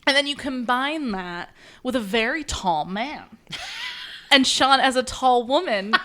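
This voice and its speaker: A woman's voice: high voice, expressive, measured pace, a bit bright. A woman co-hosting a podcast in casual chat, talking enthusiastically. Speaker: podcast co-host.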